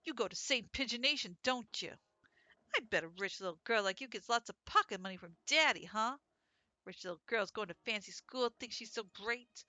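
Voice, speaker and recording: A woman's voice: fairly high pitch, brisk, sharp tone, dry recording, voice pushed up. A woman voicing a gang of rude male pigeon punks from a visual novel in a taunting tone. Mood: sneering. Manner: sneering, taunting.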